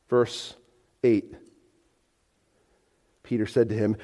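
A male pastor preaching a sermon in an animated, emphatic way that moves between soft and loud. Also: mid-range voice, a little slow, pauses often, in a large hall. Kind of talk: expository sermon.

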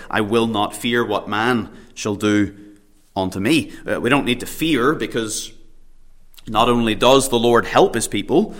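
This sermon comes from a pastor at a church prayer meeting, a man whose medium-pitched voice sounds fairly bright. Earnestly reading scripture in archaic King James language, he frequently repeats a word at the start of a phrase.

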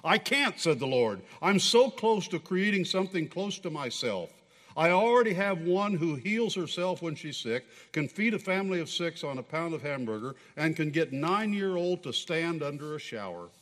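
Man reading God the Creator, tender and patient, earnest, lively voice, hall reverb. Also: fairly high pitch, normal speed.

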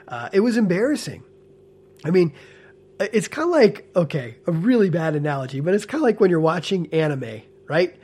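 Man, higher-pitched voice, casual commentary, animated, smiling, earnest. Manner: animated, frequent tag questions like "okay?" and "right?"; talks with a smile, amused and earnest. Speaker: ex-church member commentator.

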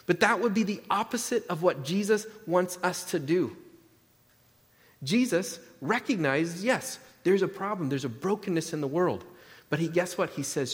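A man's voice: high voice, lively intonation, normal speed, big-room sound. A man pastor preaching a sermon to his church in a conversational way, with humor and rhetorical questions. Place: church sanctuary.

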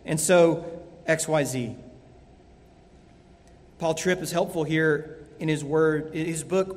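Male pastor, high voice, earnest emphatic sermon, long hall reverb. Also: slow pace, pauses often, darkish tone. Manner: earnest preaching with emphatic repetition.

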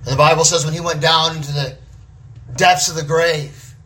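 A man's voice: fairly high pitch, steady tone, moderate pace, sharp tone, far from the mic. A man preaching a sermon with an emphatic, repetitive cadence.

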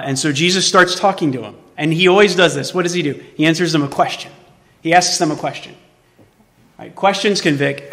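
A male pastor delivering a sermon in a church sanctuary. His voice is bright and sits a bit high for a man, and the long reverb of the hall trails after his words. He throws rhetorical questions at the congregation and swings between quiet asides and loud emphasis.

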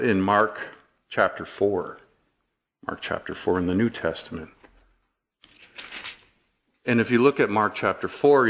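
On a muffled recording, a man with a lowish voice preaches a sermon in an animated, storytelling style, posing rhetorical questions as he goes.

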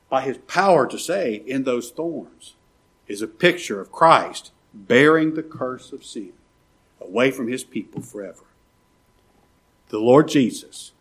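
A husky-voiced man preaches a sermon in a church, swinging widely between hushed and soaring pitch. He pleads and urges with passion. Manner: impassioned, rising to pleading cries. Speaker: pastor.

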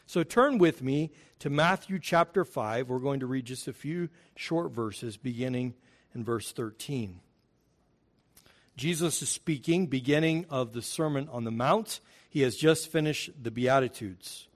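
A man's voice: mid-range voice, unhurried. A middle-aged man preaching a sermon as a pastor, earnest and emphatic, leaning hard on key words.

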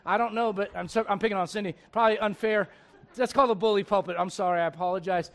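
Pastor, male, high voice, lively preaching with jokes and acted quotes. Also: fast talker. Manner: animated, humorous, laughing asides, acts out quotes. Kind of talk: sermon.

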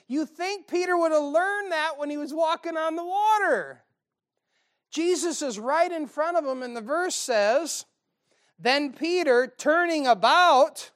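A man preaching a sermon, reading old-style scripture aloud and cracking sarcastic jokes with many rhetorical questions to the congregation. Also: sits high.

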